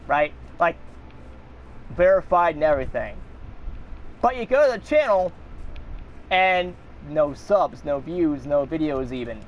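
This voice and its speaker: A man rants about online scams, exasperated and swearing freely as he rambles between points. His voice sits a little higher than most men's. A faint hum lingers in the background. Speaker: channel host. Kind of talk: angry rant.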